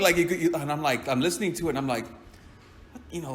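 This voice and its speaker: Man, slightly high voice, rambling, profane, laughing storyteller. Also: animated, quick pace, a bit bright. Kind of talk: casual anecdote telling.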